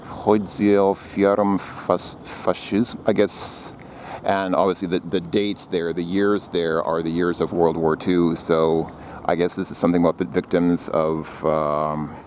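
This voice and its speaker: A man's voice: low-pitched, darkish tone, a little hiss or hum. A man walking through a city as a travel vlogger, talking casually and rambling, with many fillers and restarts. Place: outdoors on city streets.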